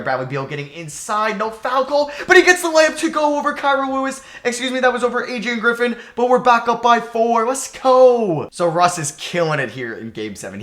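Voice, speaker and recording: A young man giving excited commentary as he plays a basketball video game, sliding from anxious muttering to shouted cheers. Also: medium pitch, reverberant. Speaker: gaming YouTuber.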